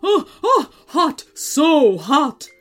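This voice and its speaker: A woman voicing a grumpy, hot-headed male dragon who talks slowly and sneers. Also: mid-range voice, big pitch swings, faint music behind. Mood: pained. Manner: slow, sneering and boastful.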